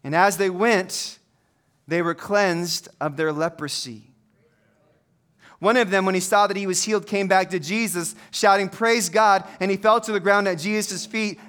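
Middle-aged male pastor, chatty humorous preacher, high and smooth. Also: fairly even intonation, normal speed, a bit bright. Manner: conversational, humorous storytelling preacher. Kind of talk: sermon.

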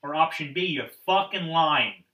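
A man's voice: fairly high pitch, expressive, moderate pace, bright, forceful tone, recorded from a distance, a little hiss or hum. A man talking casually about wrestling, sarcastic and mocking, often putting on quoted voices. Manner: sarcastic, mocks people with put-on quotes. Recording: roomy sound from off the mic.

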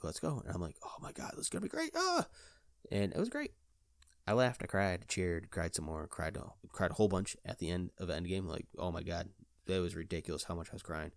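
A man hosting his own podcast, chatting alone in an excitable, rambling way full of "like". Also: low voice, clean tone, dry recording, studio quality. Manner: excitable, rambling, fills talk with "like". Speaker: podcast host. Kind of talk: casual solo chat.

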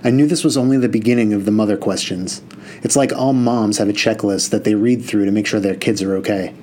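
A man's voice: lowish voice, steady tone, fairly quick, darkish tone. Man narrating a novel, earnest. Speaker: audiobook narrator. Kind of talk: first-person novel narration.

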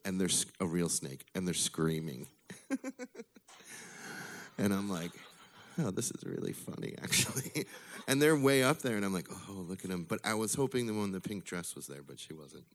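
A deep-voiced man from Illinois, animated and brisk, does live storytelling at a bar open mic in front of an audience. His personal tale is casual, wry, and full of profanity.

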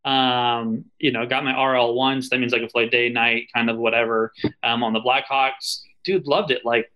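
A man's voice: medium pitch, flat delivery, normal speed, dull audio. A man, an army veteran, telling stories in a loose, casual interview, swearing freely and full of fillers and asides.

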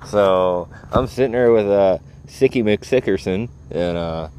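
Deep-voiced man telling a joking story. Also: a little slow, darkish tone, a little hiss or hum. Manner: profane, joking, chuckles often. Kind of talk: casual storytelling.

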